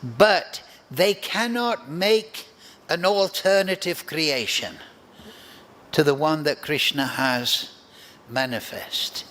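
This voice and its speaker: A man teaching a devotional scripture class, his voice sitting a little high for a man. He speaks very slowly and deliberately, leaving room between phrases. A faint hum of background noise lies under the recording. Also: bright, forceful tone. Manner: slow, deliberate, reflective. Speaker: spiritual teacher.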